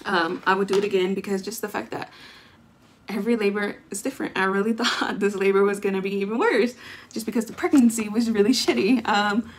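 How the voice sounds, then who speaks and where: A woman's voice: mid-range voice, fairly even intonation, brisk, slight background noise. A young adult woman vlogging, telling a long story in a chatty way, full of fillers and acted-out quotes. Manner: chatty, lots of fillers, acts out what people said. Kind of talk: casual storytelling.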